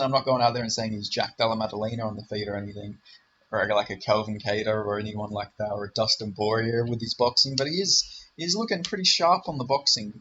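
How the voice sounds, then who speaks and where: A man's voice: on the low side, pushed and bright, dull audio, slight background noise. A young man giving casual solo commentary, rambling and confident, full of fillers and self-corrections. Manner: confident, enthusiastic. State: voice briefly giving out. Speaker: MMA predictions YouTuber.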